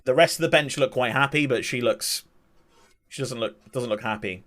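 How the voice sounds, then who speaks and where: A young man streaming a football match, calling the play-by-play and chatting with viewers in between. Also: normal speed. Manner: excitable play-by-play that surges in pitch at attacks, chatty asides to chat. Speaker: streamer and amateur match commentator. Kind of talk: live watch-along commentary mixed with reading chat.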